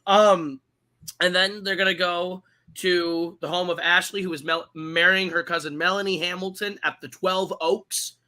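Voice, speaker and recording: Man, podcast host, very bright voice, profane, comedic recap. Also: high-pitched, measured pace. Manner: profane, irreverent, animated storytelling. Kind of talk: casual comedic plot recap.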